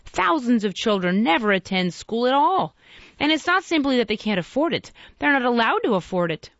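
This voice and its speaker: A woman's voice: a little high, sing-song, a little fast, a bit bright, dry recording, lo-fi sound, pitched above the performer's own voice. A woman reading aloud and voicing a troubled, impassioned Victorian author who speaks in an earnest, oratorical way.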